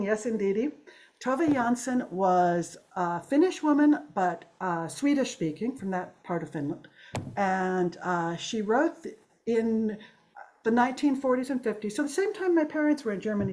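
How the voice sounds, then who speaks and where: A woman in her sixties telling a story to a live audience, playful and animated, swooping her voice up and down for effect. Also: fairly high pitch. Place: storytelling gathering.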